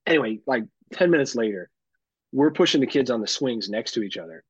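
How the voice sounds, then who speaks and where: A man co-hosting a podcast, telling a story in casual chat, animated and full of swearing. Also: medium pitch, brisk, breathy edge, no room sound. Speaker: podcast co-host. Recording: dull lo-fi sound.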